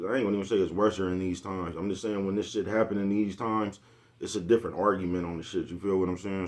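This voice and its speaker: A man's voice: low voice, darkish tone. Laid-back man rambling crude slang. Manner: laughs often, crude slang, keeps asking "you know what I'm talking about". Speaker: vlogger. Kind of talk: casual rambling monologue.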